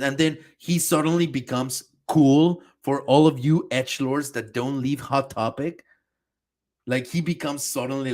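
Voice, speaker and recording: Heated, profane man ranting. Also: medium pitch. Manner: heated, profane, exasperated, talking back at a video. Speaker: streamer reacting to a video. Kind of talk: casual reaction rant.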